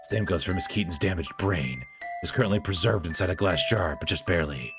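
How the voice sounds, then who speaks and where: A man voicing a cold, calculating physician in a visual novel, speaking in a measured, formal, detached way. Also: low voice, expressive, music in the background, pitched below the performer's own voice.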